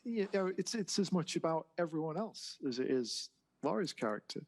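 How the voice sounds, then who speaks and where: Man, lively intonation, fairly high, calm explainer in a film chat. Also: normal speed. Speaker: film review podcast co-host. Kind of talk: casual film discussion.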